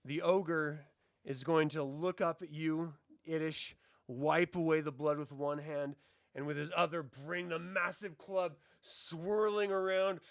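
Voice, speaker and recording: A man's voice: on the high side, steady tone, no echo. Game master man, dry close voice. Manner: brisk, explains rules. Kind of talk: narrating a tabletop game.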